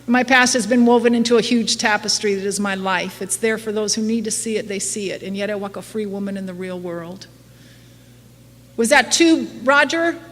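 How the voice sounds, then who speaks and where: Her medium-pitched, slightly bright voice moves at a normal speed as this middle-aged AA speaker tells her recovery story to a live audience. She's candid, self-deprecating, and quick to laugh, while the hall's long reverb and faint noise come through.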